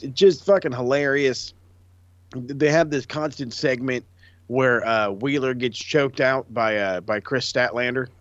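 A man chatting casually on a podcast, loose and profane, jumping into quick impressions mid-story. The recording is dry and a little dull and lo-fi. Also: mid-range voice, no echo. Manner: animated, profane, acts out quotes. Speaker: podcast co-host. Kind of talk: casual wrestling chat.

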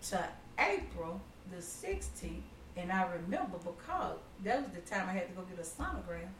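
A middle-aged woman tells family stories with a lively, swooping voice. She acts out every quote and laughs as she goes. She sits a good way from the mic in a room with a lot of echo. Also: lowish voice, normal speed. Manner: animated storyteller, acts out quotes, laughs often. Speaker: mother telling her story. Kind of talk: casual family chat. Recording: roomy, far from the mic, faint noise.

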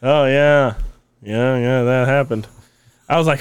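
A man's voice: medium pitch, fairly even intonation, smooth, dry recording, clean studio sound. A man co-hosting a podcast, joking and teasing in casual chat and laughing often. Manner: playful, teasing, quick to laugh. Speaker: podcast co-host.

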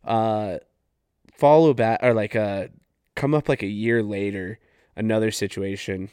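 A man's voice: on the low side, measured pace, a little mellow, clean tone, no room sound, studio quality. A young man from New Mexico, hosting a podcast from his couch at home and telling funny stories in a rambling, casual way with plenty of swearing and fillers. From Farmington, New Mexico, USA. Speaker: podcast host. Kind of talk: casual storytelling.

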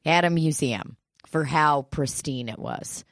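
Young woman, low voice, crude and animated storyteller, dry recording. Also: a little slow, no room sound. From St. Louis area. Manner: profane, laughing, animated retelling. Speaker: guest storyteller.

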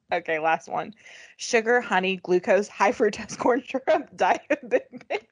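Woman podcast co-host: casual, profane, laughs often, very animated delivery, dead-dry booth sound. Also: mid-range voice, unhurried, dry recording. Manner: profane, giggly, reads list items aloud with mock disgust. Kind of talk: casual comedic chat.

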